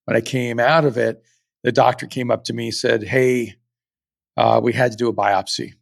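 A man's voice: mid-range voice, fairly even intonation, normal speed, creaky, dry recording. A middle-aged man hosting a podcast, telling a personal story in an earnest, reflective way with frequent restarts. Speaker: podcast host.

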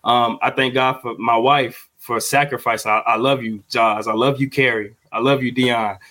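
A young man co-hosting a podcast as a father, talking in a heartfelt, halting way with many fillers and repeated words. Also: mid-range voice, steady tone, pushed and bright. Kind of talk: heartfelt casual podcast talk.

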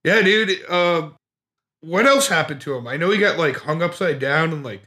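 A man's voice: fairly high pitch, bright, forceful tone. A man co-hosting a casual podcast chat, swearing freely and laughing often. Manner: profane, laughing, quick reactions.

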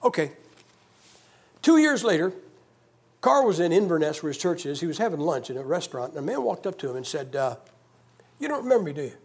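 Husky man preaching emphatically. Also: a little high, sing-song, brisk, long pauses. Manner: conversational, emphatic, joking asides. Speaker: guest preacher. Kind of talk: sermon.

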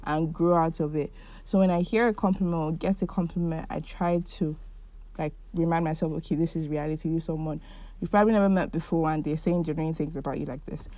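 Low, mellow-voiced young woman podcaster. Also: steady tone, fairly quick, dry recording. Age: 20s. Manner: warm, heartfelt and chatty, with frequent likes. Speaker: podcast host. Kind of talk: casual solo monologue.

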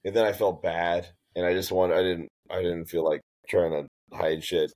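A man co-hosting a podcast, telling a story in casual chat, relaxed, with fillers and swearing. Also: deep voice, moderate pace. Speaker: podcast co-host.

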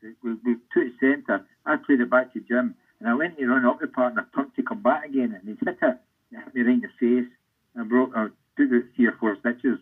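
An older Scottish man, a former footballer, telling rambling anecdotes in an interview with a husky voice. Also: mid-range voice, brisk. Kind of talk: storytelling interview. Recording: tinny phone-like line.

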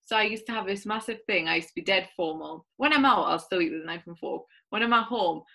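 Bright-voiced woman guest. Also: mid-range voice, fast, creaky. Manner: enthusiastic, rambling storyteller. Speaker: podcast guest. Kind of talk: casual chat.

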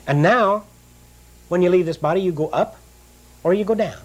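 Slow earnest older preacher, fairly high voice. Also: male voice. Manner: slow, drawn-out reading of scripture, earnest plain-spoken preaching. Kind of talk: sermon with scripture reading.

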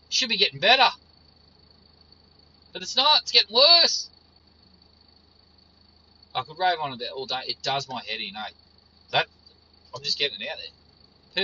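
A man's voice: mid-range voice, pushed and bright, dull audio, slight background noise. A man ranting casually as a frustrated horror fan, swearing often and repeating his points. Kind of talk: casual profane rant.

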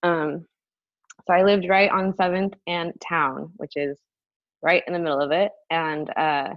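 A woman telling a personal story in casual talk, animated, full of "like" fillers and swearing. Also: lowish voice, unhurried, no echo, muffled recording.

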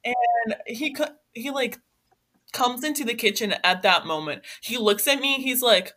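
Bright-voiced young woman telling stories. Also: fairly high pitch, unhurried. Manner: animated, fillers of "like" throughout. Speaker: podcast guest. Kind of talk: casual storytelling chat.

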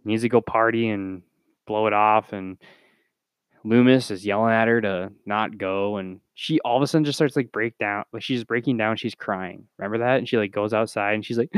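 A man's voice: moderate pace, clear, resonant tone, dry recording. A man co-hosting a casual movie review podcast, swearing and exasperated as he recaps the plot. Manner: profane, exasperated, mimics characters in high voices. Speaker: podcast co-host. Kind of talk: casual film review chat.

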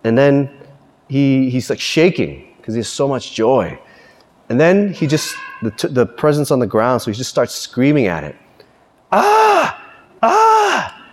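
A man giving a Catholic homily with animated, lively storytelling. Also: mid-range voice, in a large hall. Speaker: Catholic preacher. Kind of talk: sermon.

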